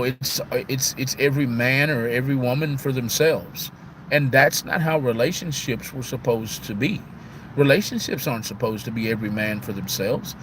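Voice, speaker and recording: A man's voice: medium pitch, a little hiss or hum. A heartbroken man on the verge of tears, talking casually on a live stream and repeating "man" and "y'all". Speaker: livestream host.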